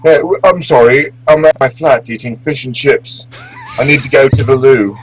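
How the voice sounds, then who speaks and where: A man's voice: mid-range voice, moderate pace, a little hiss or hum, pitched above the performer's own voice, natural voice, rough recording. A man putting on a fussy, overly polite mock-British man.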